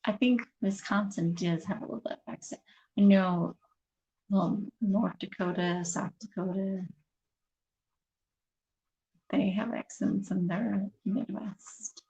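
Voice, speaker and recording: Chatty woman with a creaky voice. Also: medium pitch, fairly even intonation, unhurried, warm tone, dull audio. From Kansas City area. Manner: chatty, rambling, laughs often. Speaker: beauty vlogger chatting with viewers. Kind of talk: casual chat to camera.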